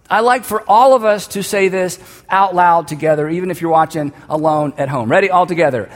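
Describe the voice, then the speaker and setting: A man delivers a sermon in a high voice, moving between a personal story and emphatic lines he asks the listeners to repeat with him. His voice rings with the long reverb of a large hall. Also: brisk. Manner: storytelling, building to emphatic calls for the audience to repeat. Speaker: pastor.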